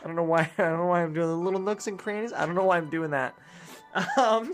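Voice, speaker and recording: A man's voice: sits high, fast talker, soft background music. A man hosting a let's play, chatting casually in a rambling, jokey way that keeps interrupting itself. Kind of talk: casual gameplay chat.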